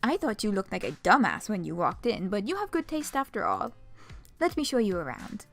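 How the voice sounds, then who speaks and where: A woman's voice: medium pitch, animated, fast, a bit bright, faint music behind, natural voice. A woman voicing a cynical, brash female troll artist in a game, with a faint put-on French accent and a blunt, crude manner. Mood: smug.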